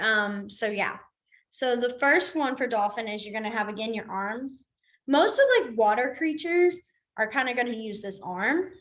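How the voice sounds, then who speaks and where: A woman's voice: a little high, a bit bright. Chatty woman teaching a class. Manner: chatty, self-deprecating, repeats each sign name slowly. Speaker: sign language teacher. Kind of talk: live class instruction. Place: library classroom.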